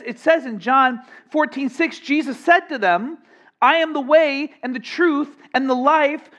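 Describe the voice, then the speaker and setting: A male pastor preaching a sermon, energetic and playful, with strong emphasis and jokes for the congregation. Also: very high voice, lo-fi sound.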